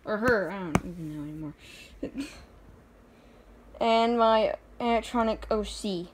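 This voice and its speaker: A woman's voice: mid-range voice, slow, slightly rough. A young woman showing her own drawings in a casual, rambling chat, giggling often and making fun of herself. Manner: giggly, rambling, self-deprecating.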